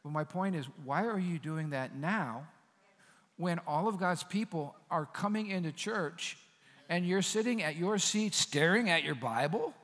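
A man preaching a sermon as pastor, in a conversational, animated style with asides to the congregation. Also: a little high, measured pace, long reverb tail. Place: church sanctuary.

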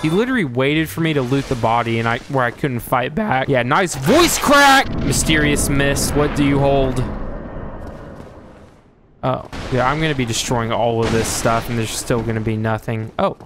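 A man giving live gameplay commentary, excitable and joking, who trash-talks enemies and yelps and shouts at the game. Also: medium pitch, moderate pace. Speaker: streamer playing a video game. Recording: noticeable background noise.

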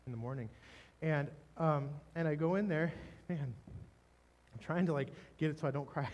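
A man preaching a sermon, telling a personal testimony in an emotional, halting way with many restarts. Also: on the high side, darkish tone, highs cut off. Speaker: pastor. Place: church stage.

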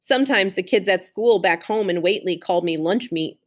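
A woman's voice: lowish voice, fairly quick, lightly acted. A woman reading as a spirited girl of ten. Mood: plain. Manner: bold, hollering. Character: spirited ten-year-old girl narrator. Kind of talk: storybook read-aloud.

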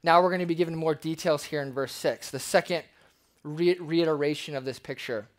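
Animated pastor with a higher voice. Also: male voice, a little fast. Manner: animated, acts out quoted voices. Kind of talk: expository sermon. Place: church.

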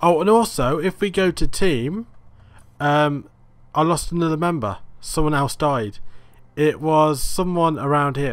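A man hosting a gaming video, casually commenting as he plays and thinking aloud in a rambling way. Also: a little high. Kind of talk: let's play commentary.

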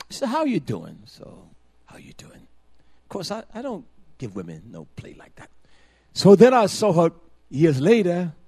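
An older man delivers a sermon in a high-pitched voice. He tells quiet, rambling stories, then rises into loud, emphatic preaching, repeating single words for force. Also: husky.

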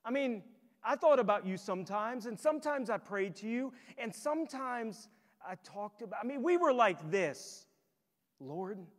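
Brief: a male preacher putting on a high, rambling, overfamiliar pleader, booming hall reverb. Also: animated, moderate pace. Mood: pleading. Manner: rambling, wheedling, self-assured. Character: man pleading he knew the Lord, overfamiliar, insistent. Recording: long church hall reverb.

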